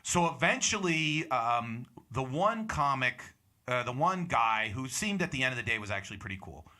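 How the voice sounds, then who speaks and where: A man's voice: medium pitch, very animated, moderate pace, sharp tone. A young man hosting a show, telling a bar anecdote and acting out the other people's lines. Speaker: comedian and show host. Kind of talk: casual storytelling chat.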